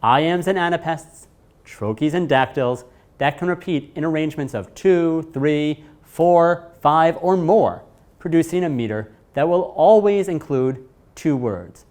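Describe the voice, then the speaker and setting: A man narrating a scripted lesson, speaking in a measured way and stressing key words. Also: a little high, expressive, darkish tone. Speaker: teacher.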